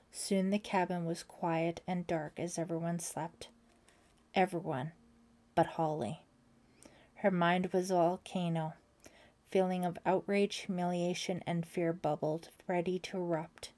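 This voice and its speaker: Audiobook narrator, female, lowish mellow voice, whispers tense passages. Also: fairly even intonation, a little slow. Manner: voices characters, drops to a whisper for tense moments. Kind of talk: scripted narration.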